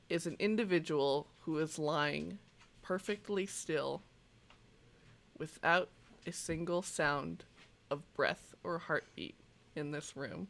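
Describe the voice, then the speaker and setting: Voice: mid-range voice, gravelly, a bit bright. A game master narrating a tabletop role-playing scene, setting the mood with fillers like "sort of" and "kind of".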